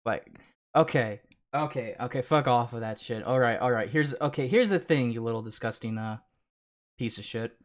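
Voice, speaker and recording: A man's voice: medium pitch, moderate pace. A man streaming casual reaction commentary, sarcastic, often laughing and stammering on repeated words.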